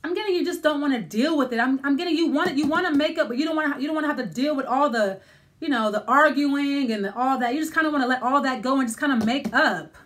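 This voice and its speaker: Casting note: woman tarot reader, high voice, rambling and conversational. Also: fast talker, fairly bright tone. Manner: thinking aloud, many restarts and fillers. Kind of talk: casual tarot reading.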